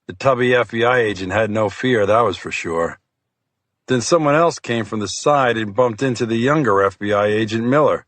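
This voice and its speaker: A man narrating a crime thriller audiobook in the first person, with a steady, measured delivery. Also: lowish voice, no echo.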